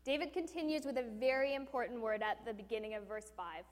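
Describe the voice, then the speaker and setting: A woman's voice: fairly high pitch, fast talker, in a large hall. A woman preaching a sermon, telling a personal story with animation and asking the audience questions.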